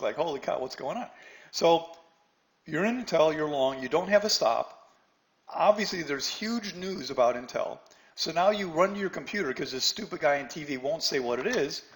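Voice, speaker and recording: A middle-aged man teaching a live trading lesson, talking lively and putting questions to his audience. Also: a little high. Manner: animated, asks the audience questions, acts out a news anchor. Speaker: trading instructor.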